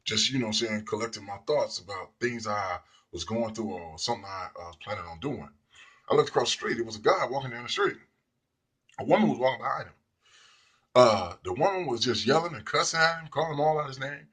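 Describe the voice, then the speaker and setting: A man with an expressive, mid-range voice, a bit bright with a breathy edge, talks fast as he tells a personal story. The casual monologue rambles loosely, and he occasionally acts out the people in it.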